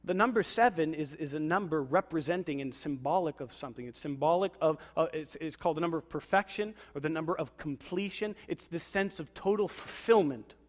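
A man preaches a sermon from the pulpit of a church, driving his point home by repeating short commands to the congregation. His voice sits a little high for a man. The sound carries a long hall reverb. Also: fairly quick, hardly any pauses. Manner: repetitive, exhortative preaching with call-and-response. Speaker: pastor. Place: church sanctuary.

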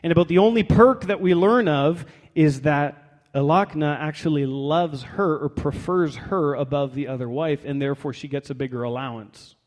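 A man's voice: fairly high pitch, moderate pace, darkish tone. A man pastor preaching a sermon in a conversational, wry way, reading scripture aloud in a church. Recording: long hall reverb.

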